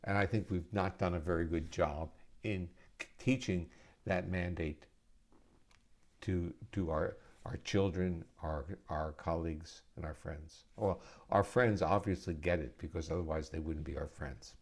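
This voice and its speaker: A man answering audience questions at a live arts center talk, speaking in a measured, explanatory lecturing way. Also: low voice, fairly even intonation. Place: arts center event space.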